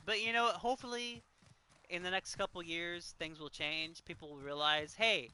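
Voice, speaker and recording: A man's voice: high-pitched, steady tone, measured pace, pauses often, sharp tone, clean tone. A man in his thirties, a game streamer talking earnestly and emotionally, choked up and sighing often. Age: 30s. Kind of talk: casual chat while gaming.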